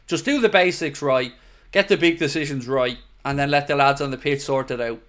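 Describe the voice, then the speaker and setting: A young Irish man hosts a football watchalong stream, chatting casually and reading out viewer comments. He speaks briskly at a medium pitch, with a slightly bright voice.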